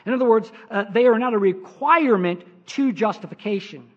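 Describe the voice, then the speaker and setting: High-voiced emphatic male preacher. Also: fairly quick, fairly bright tone. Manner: emphatic preaching with frequent "uh" fillers, rising pitch for stress. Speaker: pastor. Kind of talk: sermon. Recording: dull lo-fi sermon recording.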